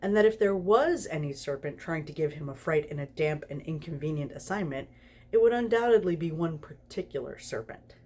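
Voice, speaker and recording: Tipsy woman with a low husky voice. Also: lively intonation, fairly quick, a little mellow. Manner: giggly, snorty laughs while reading. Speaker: storyteller. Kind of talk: reading fan fiction aloud.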